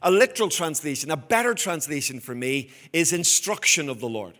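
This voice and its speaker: Male preacher, mid-high voice, earnest sermon delivery with drawn-out emphasis. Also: big pitch swings, bright, forceful tone. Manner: earnest, emphatic with slow stressed phrases.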